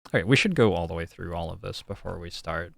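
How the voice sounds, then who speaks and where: A man's voice: low-pitched, lively intonation, quick pace, creaky, no room sound, clean studio sound. A young man streaming a detective game, musing and thinking aloud in casual commentary.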